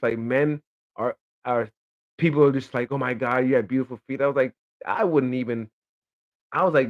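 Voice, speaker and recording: A man's voice: medium pitch, normal speed. A young man giving a blunt, profane, casual opinion monologue, telling stories with lots of energy. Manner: profane, blunt, animated storytelling. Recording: slightly dull lo-fi audio.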